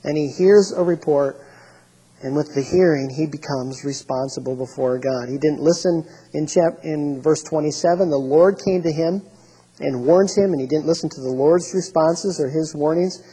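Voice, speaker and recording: A man's voice: fairly high pitch, normal speed, dark tone, husky, rough recording. A male pastor preaching a sermon, emphatic and repetitive, reading scripture aloud and restarting his phrases often.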